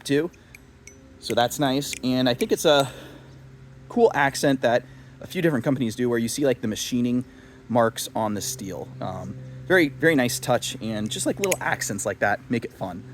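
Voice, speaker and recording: A young knife reviewer chats casually in a video review, rambling with lots of fillers and self-deprecating asides. His voice is mid-range, and the audio carries a little hiss or hum.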